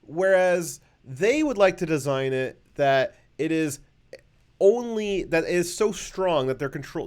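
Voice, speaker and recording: Rambling sarcastic male host. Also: on the high side. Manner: rambling, heavy on fillers. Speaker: show host. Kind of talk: casual political commentary.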